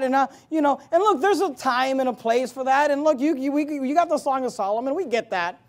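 A man's voice: very high voice, animated, fairly quick, hardly any pauses. A man, a pastor, preaching a sermon with emphatic repetitions and joking asides.

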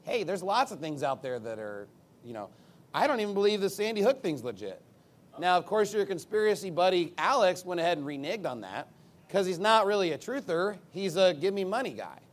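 A combative male preacher whose voice sits slightly high for a man. He swings between loud, punchy bursts and low, muttered asides, pressing every point hard and adding sarcastic jabs. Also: big pitch swings, brisk. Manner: big swings in pitch and loudness. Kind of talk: sermon.

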